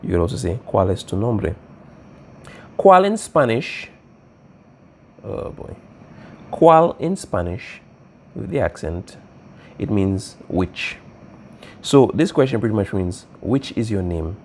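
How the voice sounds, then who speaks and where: A man's voice: lowish voice, big pitch swings, slow, long pauses, darkish tone, slight background noise. A man teaching a language class, explaining patiently and checking in with "all right?" as he goes. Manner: patient, repeats key points, asks "all right?" often. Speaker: Spanish teacher.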